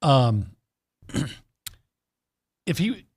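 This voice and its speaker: A man co-hosting a sports radio show, a former reporter speaking in a measured, considered way. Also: mid-range voice, sing-song, a little mellow, husky. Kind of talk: casual sports radio chat.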